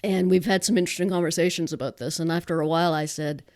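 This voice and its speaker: A woman's voice: on the low side, steady tone, fast talker, darkish tone. A woman with a Nova Scotian accent, co-hosting a podcast from home in a casual, chatty way with frequent restarts. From Canada. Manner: chatty, laughs easily, many restarts. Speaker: podcast co-host.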